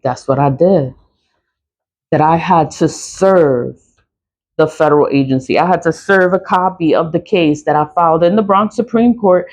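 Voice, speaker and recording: A woman's voice: low-pitched, moderate pace, darkish tone. A woman ranting casually to camera, frustrated and blunt, swearing freely as she talks. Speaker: litigant talking to camera.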